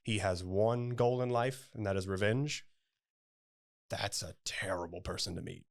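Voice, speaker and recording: A man's voice: lowish voice, measured pace, gravelly. A man stage actor talking in an interview, thoughtful and hesitant with many fillers. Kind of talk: casual interview chat.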